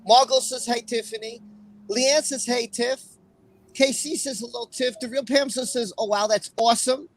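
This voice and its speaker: A man's voice: very high-pitched, steady tone, moderate pace, a little hiss or hum, low-quality recording. A man hosting a livestream and chatting casually. He sounds emotional and apologetic, and he reads out viewers' comments by name. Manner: emotional, apologetic, reads chat names aloud. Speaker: livestream host.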